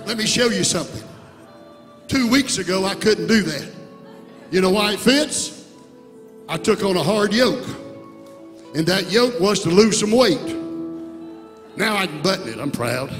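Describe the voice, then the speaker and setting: A bishop preaching an impassioned sermon in a church sanctuary, swinging between soft words and shouts. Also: male voice, sits high. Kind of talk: Pentecostal sermon. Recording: reverberant church hall with music.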